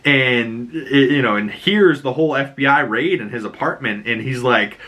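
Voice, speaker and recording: A man's voice: mid-range voice, normal speed, bright, forceful tone. A young man recapping a show in a chatty, slangy way, full of "you know" and "like". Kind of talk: casual recap commentary.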